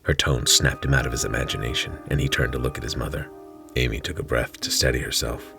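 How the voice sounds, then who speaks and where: A man narrates his own fantasy short story with a dry, wry delivery. His voice is extremely low and gravelly. Faint music plays beneath the reading. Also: steady tone, fast, sharp tone.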